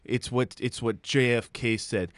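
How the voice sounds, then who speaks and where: A man's voice: medium pitch, steady tone, a little slow, a bit bright, dry recording, lightly acted. A man voicing a chatty, patriotic immigrant man met in a sauna, in broken English with a put-on foreign accent that drifts. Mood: effusive. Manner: earnest, broken English, effusive.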